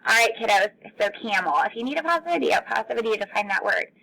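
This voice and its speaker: A woman teacher giving a phonics lesson to young children, stretching out words slowly. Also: fairly high pitch, lively intonation, gravelly, sharp tone, low-quality recording.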